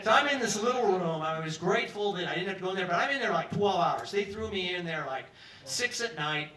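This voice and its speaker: A man's voice: high voice, lively intonation, fairly quick, sharp tone. A man telling a stand-up story in a pub, acting out other people's lines in put-on voices. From New York. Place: pub stage with live audience. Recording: echoey room from far off.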